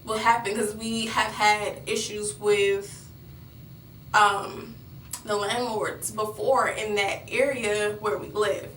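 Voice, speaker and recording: A woman's voice: mid-range voice, flat delivery, takes it slowly, a bit bright, echoey room, recorded from a distance, a little hiss or hum, poor audio. A young woman vlogger telling a personal story in a rambling way, with many fillers and restarts.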